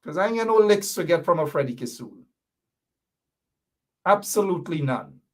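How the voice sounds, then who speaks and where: A man's voice: on the high side, expressive, moderate pace. A man with a Guyanese accent hosting a political commentary show, talking indignantly and hammering home repeated rhetorical questions.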